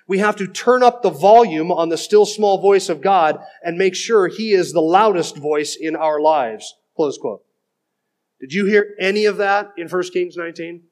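A middle-aged man preaching a sermon, reading out quotes and rebutting them with emphatic, critical preaching. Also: high voice. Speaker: pastor.

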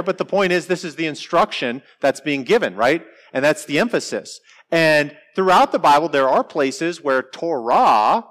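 A man leads a church Bible class in a relaxed lecture style. He explains step by step and talks conversationally. His voice jumps upward whenever he stresses a point. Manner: conversational, explanatory, lively pitch swings on emphasis.

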